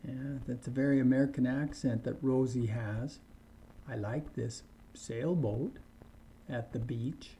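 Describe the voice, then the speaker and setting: A man teaching an online English lesson, speaking slowly and deliberately and repeating words for learners to copy. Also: mid-range voice, fairly even intonation, dark tone, a little hiss or hum, low-quality recording.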